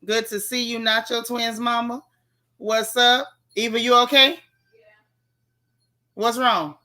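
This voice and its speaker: A woman's voice: fairly high pitch, steady tone, unhurried, pushed and bright. A tired woman hosting a casual live stream, chatting and greeting viewers by name in folksy slang. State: tired, yawning. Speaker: livestream host.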